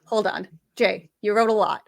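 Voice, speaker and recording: A woman's voice: medium pitch, moderate pace, gravelly. Woman, casual webinar Q&A, friendly, thinks aloud, fillers. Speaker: webinar panelist.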